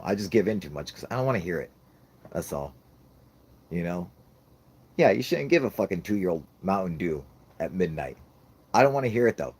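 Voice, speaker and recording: Deep husky guy cussing nonstop, laughing, voice jumps all over. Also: darkish tone, slight background noise. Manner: profane, laughing, rambling comic rant. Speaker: podcast host. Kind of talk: casual chat.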